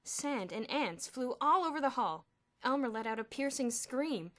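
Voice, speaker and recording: A woman's voice: high-pitched, expressive, moderate pace, a bit bright. A woman narrating a children's novel as an audiobook, telling the story expressively. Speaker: audiobook reader.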